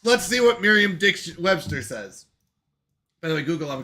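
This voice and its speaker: A man hosting a casual live stream, excitable and quick to laugh, exclaiming at his own mistakes. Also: fairly high pitch.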